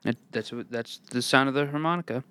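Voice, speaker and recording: A man co-hosting a podcast in casual chat, teasing the others with quick comebacks. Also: mid-range voice, very noisy. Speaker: podcast co-host.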